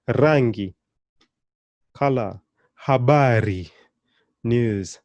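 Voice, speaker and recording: Male language teacher, warm low tone, dry close sound, patient and encouraging, lively pitch jumps. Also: no echo. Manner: encouraging, repeats words slowly for learners to copy; animated, with sudden jumps in pitch and volume. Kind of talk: beginner language lesson.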